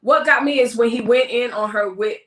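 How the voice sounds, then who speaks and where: Animated woman host in an echoey room. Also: fairly high pitch, a little fast. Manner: animated, laughing, imitates people she talks about. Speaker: host of a live talk stream. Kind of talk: casual live-stream gossip chat.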